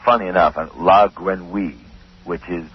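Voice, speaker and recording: A man who owns a restaurant, chatting casually on a radio show, laughing often and flattering the host. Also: deep voice, normal speed, slightly rough. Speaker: restaurant owner calling in. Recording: dull radio broadcast with faint hiss.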